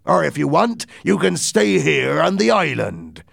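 A man voicing a scheming pirate leader who bargains slowly and threateningly. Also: a little high, very animated, creaky, fairly bright tone, dry recording, clean studio sound, pitched above the performer's own voice, heavily acted. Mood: menacing.

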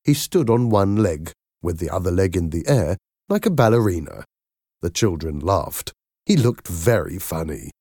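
A man narrating a storybook slowly and clearly, with an expressive delivery. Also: low-pitched, dry recording, studio quality. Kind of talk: storybook reading.

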